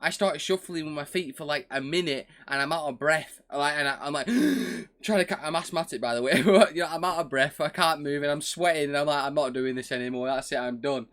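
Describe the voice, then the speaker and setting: A man's voice: fairly high pitch, fast talker, few pauses, fairly bright tone. A man hosting a reaction video, talking casually in an enthusiastic, rambling way full of restarts and fillers.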